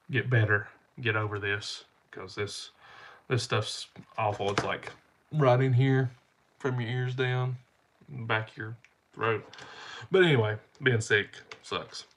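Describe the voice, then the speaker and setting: His voice is on the low side and a bit bright, with a little hiss or hum in the recording. A channel host suffering a stuffy nose from a cold, he rambles through folksy camera stories and keeps repeating himself.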